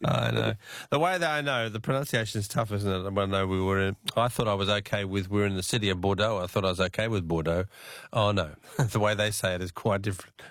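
Chatty Australian radio quiz host. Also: male voice, fairly low pitch, fast talker, fairly bright tone, no echo, clean studio sound. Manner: chatty, laughs often.

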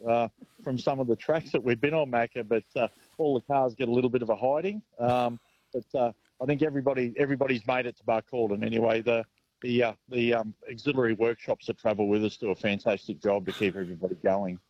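Australian man, radio caller, halting filler-heavy speech, dull dry phone sound. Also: medium pitch, fairly even intonation, no echo. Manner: hesitant, many fillers and restarts. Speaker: caller reporting from a charity car rally. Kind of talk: casual phone-in chat.

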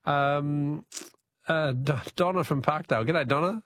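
A man's voice: fairly high pitch, a little slow, fairly bright tone, dry recording, studio quality. A man with an Australian accent hosting talkback radio, chatting casually and chuckling with callers.

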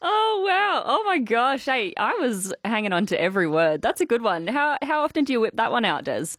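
A woman hosting talkback radio, bubbly and quick to laugh, chatting with callers. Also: on the high side, sing-song, a bit bright, no room sound, studio quality. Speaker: radio host. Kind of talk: casual talkback radio chat.

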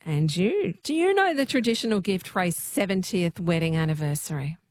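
A woman hosting a radio phone-in quiz, friendly and brisk as she reads messages and greets callers. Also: fairly low pitch, animated, a little mellow, dry recording, clean studio sound. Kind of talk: radio talk show hosting.

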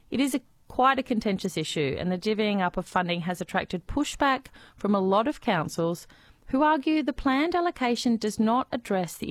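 Australian female news presenter, mid pitch, dry studio sound. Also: no room sound. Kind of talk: scripted news read.

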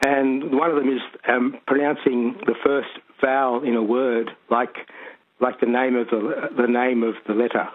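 A man from Sydney chats with a radio host on the phone, rambling a little, filling gaps with ums and soft laughs. His voice sits mid-range. The call comes through a thin, tinny phone line. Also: mid-range voice, little pitch movement, moderate pace. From Sydney, Australia. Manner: rambling, chuckling, lots of ums. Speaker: caller. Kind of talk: casual chat on the phone.

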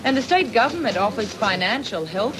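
A woman's voice: a little high, lively intonation, brisk, lightly acted. Posh, formal female newsreader, a radio host putting it on, old archive clip with noise behind. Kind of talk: mock news bulletin.

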